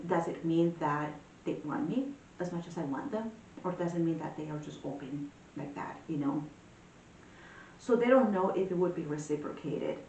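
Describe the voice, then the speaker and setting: A woman giving a casual tarot reading, talking in a chatty, animated way with many fillers. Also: distant mic. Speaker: tarot reader. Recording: echoey room, voice a bit off-mic, faint rumble.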